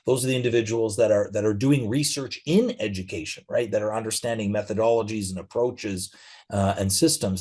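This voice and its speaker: Middle-aged male guest, low mellow voice, easygoing anecdotal delivery. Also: slightly rough. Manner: relaxed storytelling with frequent fillers. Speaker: interview guest, physician. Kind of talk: conversational interview.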